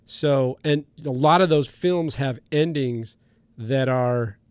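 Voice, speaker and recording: A man's voice: mid-range voice, takes it slowly, darkish tone, clean tone, dry recording. A man co-hosting a casual movie podcast, animatedly retelling scenes with frequent restarts. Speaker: podcast co-host. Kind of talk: casual film discussion.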